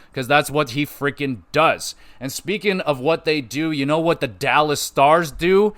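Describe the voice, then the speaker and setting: A man hosting a casual solo sports podcast, rambling through stats with frequent swearing and quick self-corrections. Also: medium pitch, fairly bright tone. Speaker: podcast host.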